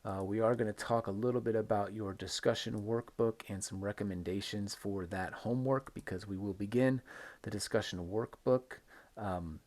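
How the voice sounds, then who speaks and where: A man teaching an English lesson on video, modeling intonation slowly and emphatically and checking in with "right?" between examples. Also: fairly low pitch, steady tone, a little mellow. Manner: repeats words for stress, frequent "right?" checks. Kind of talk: recorded online lesson.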